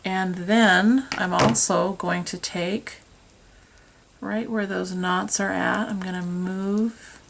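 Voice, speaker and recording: Speaking slowly with a gravelly, medium-pitched voice and fairly even intonation, this craft host chats casually and makes light of herself while working. A tripod camera captures her, along with a little hiss or hum.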